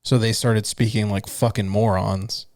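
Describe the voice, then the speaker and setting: A man with a low voice talks casually on a podcast, teasing and blunt, swearing freely. The sound is dry and close, with no room around it. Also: little pitch movement, normal speed, a little mellow, no room sound. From United States. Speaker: podcast co-host. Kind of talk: casual chat.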